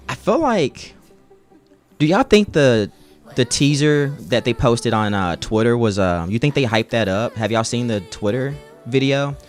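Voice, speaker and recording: A young man streaming live, chatting casually with his chat in a laid-back, slangy way. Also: mid-range voice.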